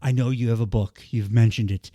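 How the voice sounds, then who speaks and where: A man's voice: medium pitch, steady tone, fairly quick, mellow, no echo. A man, a father, co-hosting a podcast in casual chat, joking, swearing and laughing a lot. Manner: jokey, profane, laughs often. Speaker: podcast co-host.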